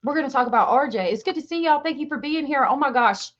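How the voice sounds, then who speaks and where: A woman hosts a casual livestream and chats along, gushing and greeting her viewers by name. Her voice sits fairly high. Her webcam mic gives the sound a dull, lo-fi quality. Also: animated, quick pace, fairly bright tone. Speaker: livestream host.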